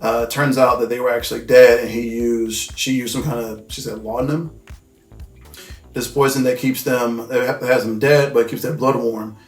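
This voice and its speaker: A man retells a film in a loose, rambling way, full of filler words and casual swearing. His voice sits at an ordinary middle pitch. The room around him rings with echo, and faint music plays underneath. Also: steady tone, moderate pace. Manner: loose, rambling and profane, full of "like" and "you know what I mean". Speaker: host. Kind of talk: casual movie recap.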